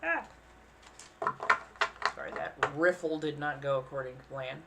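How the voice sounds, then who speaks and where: Animated young woman chatting casually. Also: low voice, gravelly, heavy background noise. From US West Coast. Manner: animated, quick, self-mocking, acts out other people in exaggerated voices. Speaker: streamer. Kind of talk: casual livestream chat.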